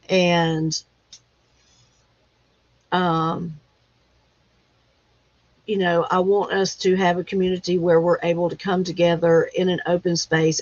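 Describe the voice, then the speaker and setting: A woman hosting a casual livestream chat, talking in an emotional, halting way as she fights back tears. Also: fairly low pitch. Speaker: livestream host. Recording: dull lo-fi livestream audio.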